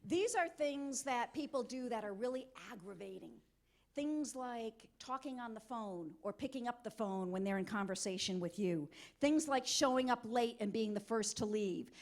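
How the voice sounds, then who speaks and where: High-voiced energetic woman keynote speaker. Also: moderate pace. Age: middle-aged or older. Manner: energetic, coaxing audience volunteers. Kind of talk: interactive motivational talk. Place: conference hall.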